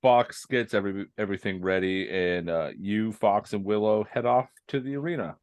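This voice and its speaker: A man's voice: lowish voice, normal speed, a little mellow, no room sound. A man running a tabletop game as game master, narrating in a loose, joking way.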